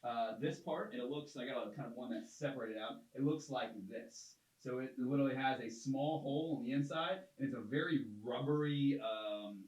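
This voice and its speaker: A man's voice: medium pitch, moderate pace, hardly any pauses, darkish tone. Roomy-sounding man explaining step by step. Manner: explains step by step with many ums and uhs. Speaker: guest expert on a podcast. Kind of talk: casual explanatory talk. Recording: roomy, a little distant from the mic.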